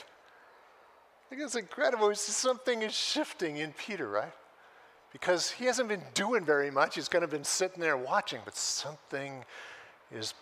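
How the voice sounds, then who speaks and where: A man preaching a sermon as a pastor, telling a story with lively energy and acting out the voices he quotes. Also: on the high side.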